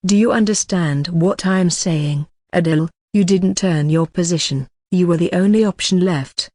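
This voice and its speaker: A synthetic-sounding narrator voicing a mocking, defiant young man who was disowned by his family, read in an even, flat way. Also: medium pitch, normal speed, dry recording, studio quality, natural voice.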